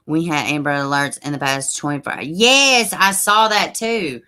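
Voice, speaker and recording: A woman hosts a casual true crime livestream, chatting warmly with her audience and reading out their comments in folksy slang. Her voice sits a little low, with a bright, forceful edge. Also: lively intonation, unhurried, hardly any pauses. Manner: chatty, reads chat aloud, uses y'all and folksy slang.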